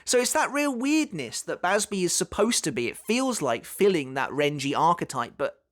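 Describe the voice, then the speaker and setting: A man's voice: high-pitched, sing-song, moderate pace, a bit bright. A man casually talking through an anime character analysis for his video channel, chatting along with plenty of fillers and restarts. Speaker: anime commentary YouTuber.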